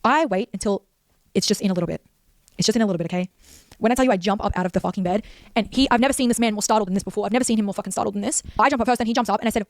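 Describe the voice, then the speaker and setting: A woman's voice: medium pitch, dry recording. A young woman rattles through a personal account at breakneck speed. Her voice is intense and laced with swearing, and it sits dry and close to the microphone. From Australia. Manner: rapid, intense, heavy swearing. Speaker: creator telling her story in a clip.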